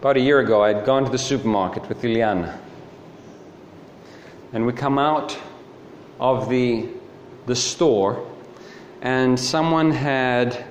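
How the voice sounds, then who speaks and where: A man's voice: mid-range voice, a little hiss or hum. A man preaching a sermon, telling stories with animation and asking the listeners rhetorical questions. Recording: echoey hall with faint ambience.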